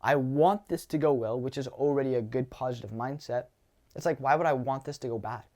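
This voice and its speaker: A young man talking casually as a dating coach, animated and swearing, acting out lines from his own conversations. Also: mid-range voice, fairly quick. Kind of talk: casual advice monologue.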